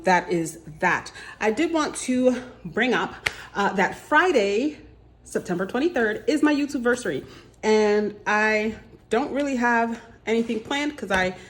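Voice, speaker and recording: A woman with a fairly low voice runs a casual budgeting vlog. She chats and rambles, restarting her sentences as she goes. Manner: chatty, rambling, self-correcting. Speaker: budgeting vlogger.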